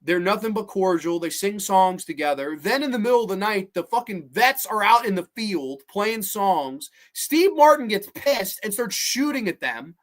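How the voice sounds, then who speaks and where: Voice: medium pitch, moderate pace, hardly any pauses. Profane, incredulous horror film host. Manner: animated outbursts. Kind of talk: ranting film recap.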